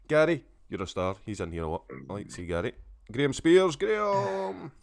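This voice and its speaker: A man's voice: on the high side, sing-song, normal speed, gravelly. A man hosting a live stream, reading out viewer names with crude, joking banter. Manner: crude, joking shout-outs to chat viewers. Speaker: show host.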